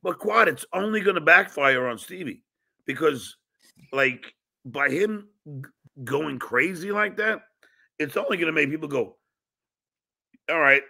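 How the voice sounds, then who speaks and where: Profane, gravelly man ranting on a podcast. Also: fairly high pitch, expressive, measured pace, bright, forceful tone. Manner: profane and combative, rants at a rival. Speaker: podcast host. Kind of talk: casual podcast chat.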